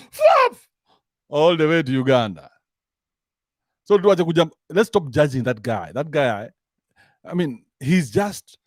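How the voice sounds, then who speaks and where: A man's voice: a little high, dry recording, clean studio sound. A man with a Kenyan accent giving a crude, mocking comic rant, switching between English and slang. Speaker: commentary show host. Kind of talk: rant-style comic commentary.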